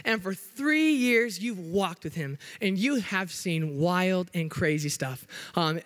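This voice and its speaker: A young man with a notably high voice delivers a church sermon as a youth pastor. He is bubbly and hyper, cracking jokes with the congregation and working to keep his pace in check. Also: animated, fairly bright tone. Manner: hyper, upbeat and joking, trying to slow down. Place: church sanctuary.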